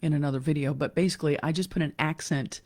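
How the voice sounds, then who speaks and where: A woman giving a casual online piano lesson, talking in a relaxed, chatty way with fillers and self-corrections. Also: deep voice, fast, dry recording, clean studio sound. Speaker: piano teacher. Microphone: computer mic during a screen share.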